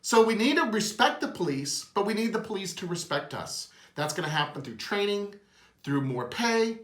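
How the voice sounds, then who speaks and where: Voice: medium pitch, big pitch swings, normal speed, fairly bright tone, echoey room. A host giving an earnest, emotional opinion monologue.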